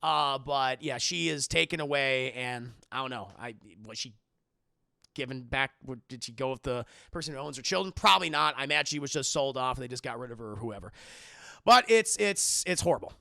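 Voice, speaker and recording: A man's voice: medium pitch, lively intonation, a little fast, creaky, sharp tone, no echo, studio quality. A man streaming live, casually retelling a film's plot in a rambling, profane way, talking to his chat and acting out lines. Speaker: streamer reviewing a movie.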